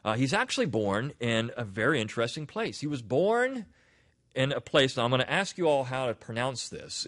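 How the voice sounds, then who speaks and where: A man's voice: medium pitch, sing-song, moderate pace, a bit bright. A man from Delaware hosting a podcast, giving casual, explanatory commentary on essays and telling stories along the way. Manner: conversational, explanatory, storytelling. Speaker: podcast host.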